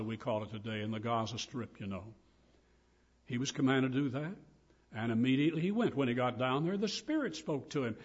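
A man's voice: mid-range voice, normal speed, breathy edge, dull audio. An older man preaching a sermon, earnest and emphatic as he quotes and explains scripture.

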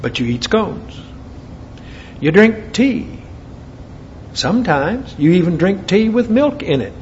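A high, sing-song male voice, slow and a little mellow, belongs to an American preacher from the United States. He mixes readings from scripture with folksy asides. Faint background noise runs under the dull, lo-fi recording.

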